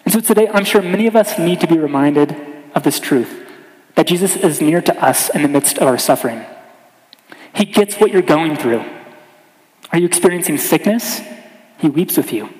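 A man with a fairly high voice preaches a sermon, earnest and deliberate, easing down and going quiet on the lines that matter most. His voice rings through a roomy hall with a long, trailing reverb. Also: expressive. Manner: earnest, slows and softens on key lines.

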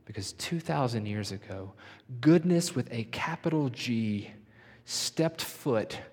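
A middle-aged man preaching a sermon in a church, earnest and slowing down to soften his voice for emphasis. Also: mid-range voice, expressive, husky. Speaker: pastor. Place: church sanctuary. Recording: long reverb of a large hall.

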